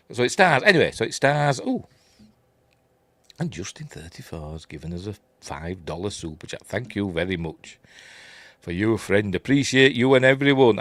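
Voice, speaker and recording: Middle-aged Yorkshire male host, low voice with a lot of swing in it, rambling live commentary, dry close sound. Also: fairly bright tone, no room sound. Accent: Yorkshire English. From Yorkshire, England. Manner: chatty, rambling, laughs at his own jokes; reads out viewer chat messages. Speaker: host of a livestream review show.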